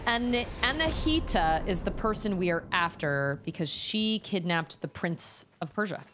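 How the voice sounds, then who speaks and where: A young woman streaming a video game, chatting casually and thinking out loud as she plays. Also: fairly low pitch, expressive, measured pace, hardly any pauses, music in the background. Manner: chatty, musing aloud, reading chat. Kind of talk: casual gameplay commentary.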